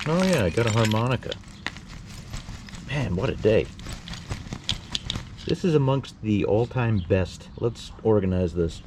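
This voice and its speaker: A man hosting a metal detecting video, talking casually and excitedly about his finds while out on a field. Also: on the low side, a little slow, long pauses, noisy background. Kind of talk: casual outdoor commentary. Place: outdoors on a field.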